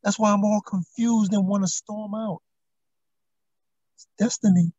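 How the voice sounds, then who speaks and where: Guy putting on a young wife sure it's all destiny, husky and dry, kinda muffled audio. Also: sits high, steady tone, measured pace, a little mellow, no room sound. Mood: mock solemn.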